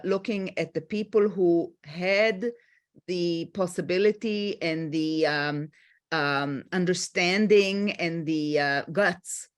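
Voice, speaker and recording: A middle-aged woman with an Israeli accent, moderating a panel discussion in a halting way with many fillers. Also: lowish voice.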